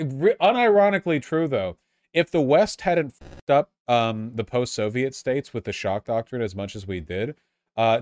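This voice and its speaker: Excitable swearing streamer guy. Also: on the low side, no echo, clean studio sound. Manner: excitable, sweary, chatting with viewers. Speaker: live streamer. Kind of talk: casual live-stream commentary.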